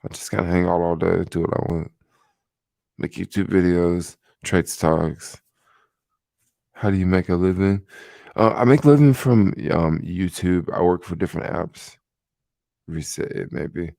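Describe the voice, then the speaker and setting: A tired young man hosting a casual late-night livestream, rambling and relaxed with many fillers, talking into a desk microphone at home. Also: low-pitched, unhurried, vocal fry, pauses often, no echo, studio quality. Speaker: livestream host. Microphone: desk microphone without headphones.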